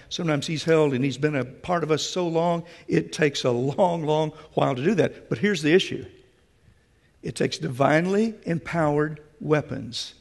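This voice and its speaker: A man with a fairly high, creaky voice preaches a sermon in a church sanctuary, emphatic and addressing the congregation directly. The recording carries the long reverb of a church hall.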